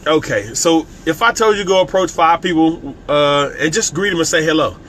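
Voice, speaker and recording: A man's voice: on the high side, lively intonation, normal speed, a bit bright, slight background noise. A man coaching on business during a live stream, emphatic and repetitive, talking casually and straight to his viewers. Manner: casual and conversational, with frequent restarts. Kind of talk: live-streamed motivational talk.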